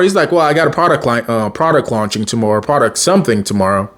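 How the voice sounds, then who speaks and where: A man's voice: mid-range voice, fast talker. A man casually recapping a TV episode, rambling along, chuckling, and loosely quoting the characters as he goes. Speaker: show recap vlogger.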